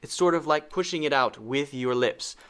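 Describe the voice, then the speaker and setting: A man's voice: fairly high pitch, moderate pace, fairly bright tone, clear, resonant tone. A man teaching pronunciation, speaking patiently and repeating sounds over and over to demonstrate them. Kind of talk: spoken lesson.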